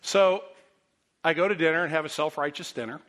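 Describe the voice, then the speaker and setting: A middle-aged male pastor preaching with a voice a little higher than most men's. He tells his story with self-deprecating humor, then drops to a soft, earnest tone. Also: a little fast, a little hiss or hum. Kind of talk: sermon.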